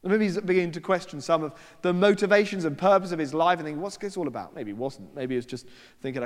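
A man's voice: fairly high pitch, quick pace. A man preaching a sermon, telling stories in a chatty way and acting out the people he quotes. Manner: conversational storytelling with quoted voices and asides. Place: church. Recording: long hall reverb.

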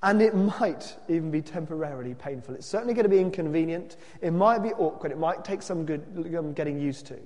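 A man preaching a sermon and reading a story aloud, expressive and questioning, with dramatic drops to a hush. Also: a little high, brisk, hardly any pauses, long reverb tail.

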